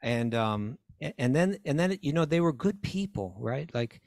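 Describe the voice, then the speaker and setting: A man's voice: on the high side, expressive, normal speed, a little mellow, no room sound, studio quality. A man casually retelling a story on a talk show, acting out the voices and laughs of the characters as he goes. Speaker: podcast co-host.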